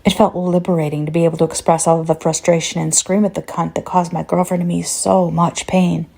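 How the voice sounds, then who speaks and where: A woman reads a first-person horror story in a tense, measured delivery. Her voice sits low and dark, with a gravelly fry and a husky grain. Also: little pitch movement.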